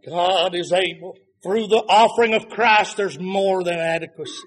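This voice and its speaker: A man preaching a sermon, rising to fervent shouts and then dropping to quiet, low passages. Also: normal speed, slightly rough.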